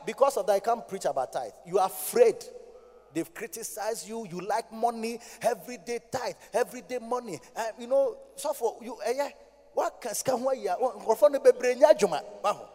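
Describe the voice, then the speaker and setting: High-voiced Ghanaian preacher in a hall. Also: male voice, a little fast. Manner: preaching that swings from low talk to loud shouting, sing-song. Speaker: pastor. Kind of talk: sermon. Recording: hall reverb.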